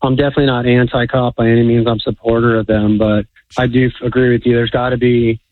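A man's voice: medium pitch, little pitch movement, fast, no room sound. A man calling in to a radio show, sounding flustered and apologetic. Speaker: caller. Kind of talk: call-in radio talk. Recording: tinny phone line.

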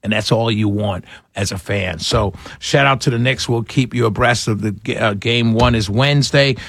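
A man's voice: on the low side, moderate pace, creaky, fairly bright tone, no echo. A man from New York City, hosting a casual monologue and chatting through a story with lots of fillers and restarts.

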